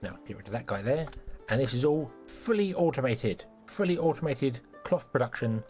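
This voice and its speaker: A man's voice: medium pitch, expressive, normal speed, a little mellow, soft background music. A man giving casual, self-mocking commentary while live-streaming a building game, playfully scolding the characters in it.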